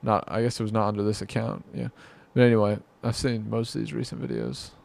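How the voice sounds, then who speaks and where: A man's voice: lowish voice, quick pace, gravelly, darkish tone. A man giving rambling, exasperated reaction commentary, muttering to himself and mocking what he watches. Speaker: commentary vlogger.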